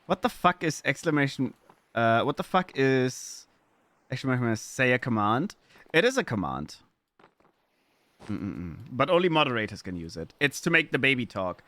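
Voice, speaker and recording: A man's voice: medium pitch, sing-song, moderate pace, bright, forceful tone, no echo. A man from Germany with a German accent, chatting casually with his live-stream audience, playful and swearing freely as he riffs on chat messages.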